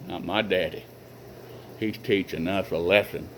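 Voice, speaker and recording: A man's voice: deep voice, fairly even intonation, unhurried, slight background noise, low-quality recording. A middle-aged man casually telling rambling, earnest stories from his childhood in a folksy way. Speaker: vlogger telling family stories. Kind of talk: casual personal storytelling.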